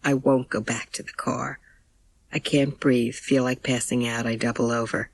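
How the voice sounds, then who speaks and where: A woman's voice: very deep voice, level tone, normal speed, vocal fry, poor audio. A woman reading an audiobook in first person, with plain, intimate storytelling. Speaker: audiobook narrator.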